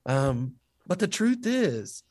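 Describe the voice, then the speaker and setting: A man who teaches history, telling faith stories in an interview with lively, animated delivery. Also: slow. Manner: animated storyteller, rising pitch when quoting others. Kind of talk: storytelling in a faith podcast interview.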